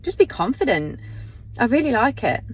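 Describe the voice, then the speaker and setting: A woman in her forties, a mother of three, chatting gently in a casual vlog. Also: on the high side, big pitch swings, moderate pace, slight background noise. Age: 40s.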